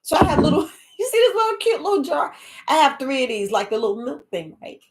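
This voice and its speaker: A woman's voice: high voice, very animated, fairly quick. Black lady rambling on a live stream from home, chatty, calls viewers family. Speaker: herbalist host of a live podcast. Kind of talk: casual live-stream talk.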